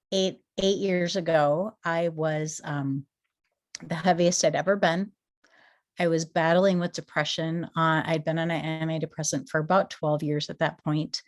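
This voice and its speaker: Earnest woman in her forties, lower voice. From Minnesota. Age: 40s. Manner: earnest and emotional, rising to excited rhetorical questions. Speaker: guest speaker. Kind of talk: motivational company testimony.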